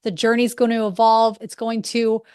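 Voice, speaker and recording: A woman, hosting a podcast and telling a story in a casual, animated way, laughing often. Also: a little high, normal speed, clear, resonant tone, no echo, studio quality. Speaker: podcast host.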